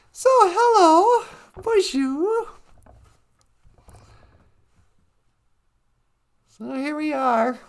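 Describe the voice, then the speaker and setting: A giggly aunty, as a man puts her on, hosts a call-in show in a high, sing-song voice that climbs and dips all over the place. She rambles along at an easy, slow pace. Her chat stays light and full of giggles. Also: creaky, exaggerated voice. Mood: cheerful. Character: chatty, giggly middle-aged aunty woman. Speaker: host.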